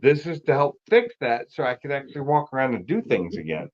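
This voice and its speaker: A man's voice: mid-range voice, big pitch swings, a little fast, muffled recording. A man talking casually on a livestream, blunt and swearing often. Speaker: guest on a car livestream. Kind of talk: casual chat.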